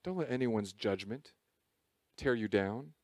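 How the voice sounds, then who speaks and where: A male pastor delivers a sermon in a lively, chatty way, dropping jokes as he goes. His voice sits at a mid pitch. The sound is dry, with no room echo. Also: a little slow. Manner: animated, conversational preaching with jokes. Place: church service.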